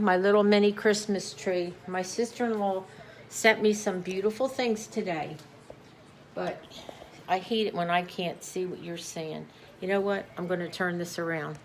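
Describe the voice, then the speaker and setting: Woman crafter, tired, chatty and rambling, mid-pitch voice, faint room hum behind her. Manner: rambling, warm-hearted, with many restarts. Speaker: craft vlogger. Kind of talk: casual chatty vlog. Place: at home, on a couch.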